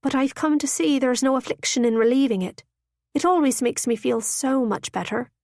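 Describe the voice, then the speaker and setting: A woman voicing a frank, tender young working woman who speaks in a sleepy, husky, breathy voice. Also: high voice, normal speed, darkish tone, no room sound, clean studio sound, voice pushed up.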